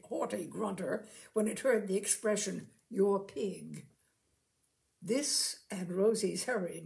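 A woman reading a short story aloud in a dramatic, lively storybook manner. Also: medium pitch, gravelly.

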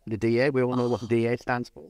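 A man in his fifties, a podcast guest, chatting casually and playfully and telling stories with lively energy. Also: medium pitch, quick pace, no room sound. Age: 50s. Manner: playful, animated storyteller.

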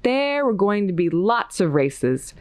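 A woman reading a children's picture book aloud with an expressive, lilting storybook delivery. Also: mid-range voice, slow, dry recording.

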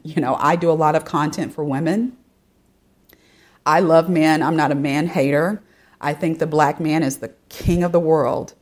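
Low and somewhat dark in tone, a female opinion-podcast host reads a news story and talks it over conversationally. She keeps addressing listeners head-on, with lots of "you know" and digressions.

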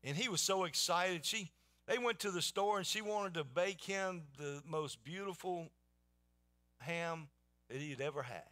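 Folksy pastor, bright voice. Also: male voice, a little high, a little slow. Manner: folksy storytelling with many restarts. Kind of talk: sermon.

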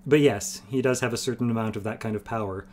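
A man's voice: on the low side, steady tone, fast, darkish tone, close to an everyday voice. A man voicing an ancient, wry old male sorcerer who explains things blandly and patiently. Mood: wry explaining.

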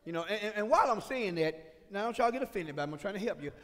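A man preaching a sermon as pastor, swinging from shouted points to chatty asides with the congregation. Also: sits high, expressive, fast. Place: church sanctuary. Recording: reverberant church sanctuary.

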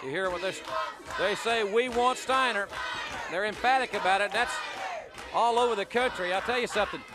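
A man's voice: high voice, fairly quick. A man giving folksy, rambling color commentary on a wrestling match. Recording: loud noisy broadcast with crowd.

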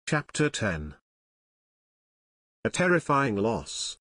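A man narrating an unabridged audiobook in a steady, measured reading. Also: medium pitch, no room sound, studio quality.

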